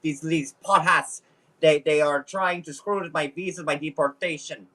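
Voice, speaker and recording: A man's voice: a little high, fairly even intonation, moderate pace, bright, forceful tone. A man putting on a mock Russian accent, playing a boastful, grumbling man who fears deportation and speaks broken English. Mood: aggrieved. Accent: put-on Russian. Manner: broken English, dramatic complaining. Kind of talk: casual podcast parody.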